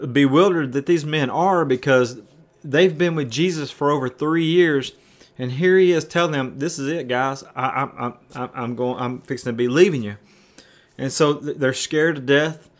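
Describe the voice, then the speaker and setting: A man's voice: on the high side, a bit bright. A man preaching a conversational sermon, often repeating words and restarting as he explains.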